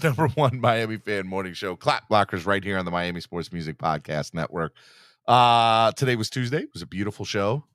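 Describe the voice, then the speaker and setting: A male podcast host talking in a casual, playful way, teasing his listeners. His pitch swings widely as he jokes and hypes himself up. The sound is dry and close to the mic. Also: pushed and bright, clear, resonant tone, dry recording. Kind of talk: casual live podcast chat.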